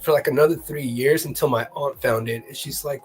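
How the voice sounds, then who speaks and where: A guest telling a funny family story in a casual chat, animated and often laughing, with a slightly husky voice. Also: mid-range voice, a little fast, faint music behind.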